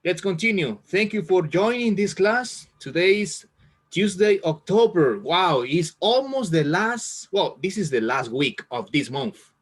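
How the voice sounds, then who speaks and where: A man teaching an English reading class over a video call, speaking slowly and repeating words to encourage his students. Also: high voice, big pitch swings, breathy edge.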